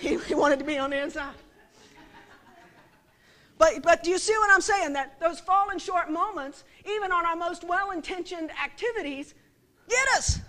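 A woman's voice: very high-pitched, bright, forceful tone. A middle-aged woman giving a conversational sermon, often checking that listeners follow her with rhetorical questions. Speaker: preacher.

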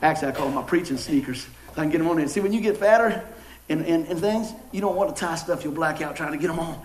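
Folksy pastor preaching, echoey church. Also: male voice, fairly high pitch, fast, slight background noise. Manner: folksy, joking, animated storytelling. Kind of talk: sermon. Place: church sanctuary.

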